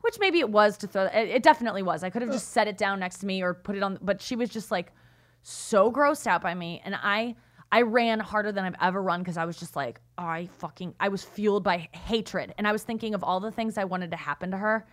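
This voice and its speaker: A podcast co-host speaks briskly in a mid-range voice. Chatting casually, she tells a story with animation, acting out the people involved.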